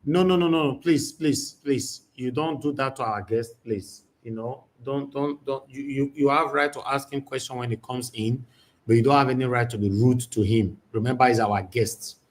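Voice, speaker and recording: A man's voice: mid-range voice, normal speed. A man hosting a live talk show, courteous with guests and stern with rude commenters. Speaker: host.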